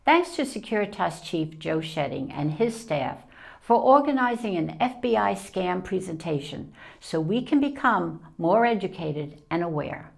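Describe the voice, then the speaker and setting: Gravelly low-voiced woman news anchor. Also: lively intonation, unhurried. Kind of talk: scripted news reading.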